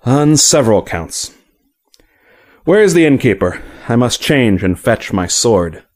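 A man voicing a weary, courteous knight who speaks formally and with measured politeness, in a fantasy audiobook. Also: medium pitch, very animated, a little mellow.

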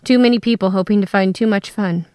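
A woman telling a first-person story in a steady, scripted narration. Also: mid-range voice, fast, clean tone, no room sound, clean studio sound.

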